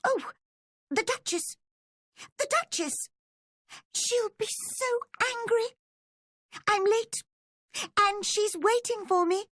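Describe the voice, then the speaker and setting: A woman reading a storybook, voicing a frantic male rabbit who is late, in high panicky squeals. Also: expressive, slow, pauses often, fairly bright tone, no echo, studio quality, exaggerated voice. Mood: panicked.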